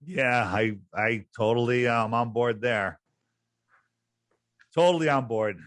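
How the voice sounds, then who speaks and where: A man's voice: medium pitch, a little slow, a bit bright, no room sound. A man hosting a podcast chat, talking in an emphatic, incredulous and sarcastic way. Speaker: host.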